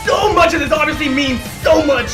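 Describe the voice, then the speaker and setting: Excitable reaction-channel guy, out of breath, roomy room sound with faint music underneath. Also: extremely high pitch, a little fast, shouting. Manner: gushing, exclamatory, swears freely, stammering restarts. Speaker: show reaction youtuber.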